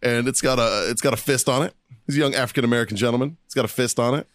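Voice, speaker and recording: A man's voice: medium pitch, racing, no room sound. A man hosting a podcast, telling stories in casual chat, laughing often and swearing constantly. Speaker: podcast host.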